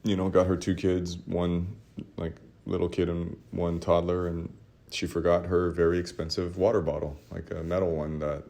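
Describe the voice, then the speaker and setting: Low-voiced man rambling through a story. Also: level tone, normal speed, vocal fry. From Los Angeles area. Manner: rambling, self-mocking, with laughs and shouted re-enactments. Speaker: artist telling a story to his audience. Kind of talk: casual storytelling monologue.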